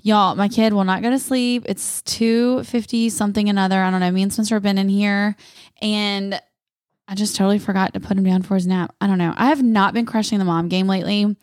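Chatty mom telling stories. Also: female voice, mid-range voice, steady tone, a little fast, darkish tone, no echo, clean studio sound. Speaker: podcast co-host. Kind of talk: casual chat.

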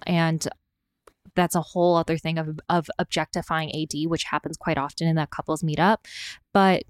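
A woman co-hosts a casual podcast, speaking in a somewhat low voice. She hedges and sometimes draws her words out slowly as she weighs her opinions. The sound is close and dry. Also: little pitch movement, clean tone, dry recording. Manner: hedging, drawn-out phrases. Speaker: podcast co-host. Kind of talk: casual recap chat.

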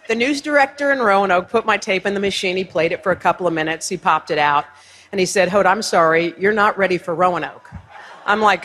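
A woman giving a lively, self-mocking storytelling speech on a stage before an audience, acting out other people's lines. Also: medium pitch, fairly quick. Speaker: speaker.

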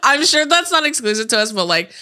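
Bright-voiced young woman swearing casually. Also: sits high, sing-song, fast. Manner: swears freely, rambling storytelling full of "like". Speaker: podcast co-host. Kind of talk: casual chat.

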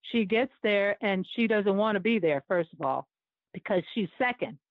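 A woman's voice: medium pitch, normal speed, no room sound. A woman in her seventies, a former Olympic runner, telling a vivid, emotional personal story in an interview and laughing often. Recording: dry, tinny phone-line sound.

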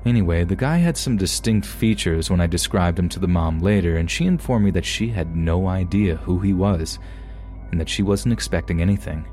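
Low dark-voiced guy reading creepy stories, calm and measured, faint music behind. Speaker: podcast narrator. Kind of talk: scripted narration of submitted stories.

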